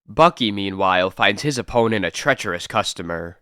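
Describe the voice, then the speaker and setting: Brief: male narrator reading comics, varied pitch, dry close sound. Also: lively intonation, moderate pace, hardly any pauses, sharp tone, clean tone, dry recording. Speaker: comic book reader.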